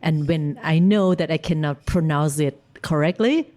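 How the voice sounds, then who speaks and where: A woman's voice: deep voice, normal speed, darkish tone. A woman chatting on a podcast, hesitant, leaning on "like", with non-native grammar. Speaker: podcast guest. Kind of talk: casual chat.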